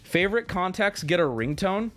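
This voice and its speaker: High, lively, riled-up male streamer. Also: normal speed, faint music behind. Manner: profane, stammering, riled-up storytelling. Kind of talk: casual livestream rant.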